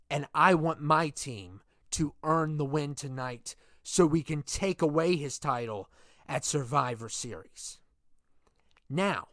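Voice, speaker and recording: A man voicing a scheming male dictator boss of a wrestling show, making slow, deliberate threats. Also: on the high side, no room sound, clean studio sound. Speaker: wrestling show authority figure.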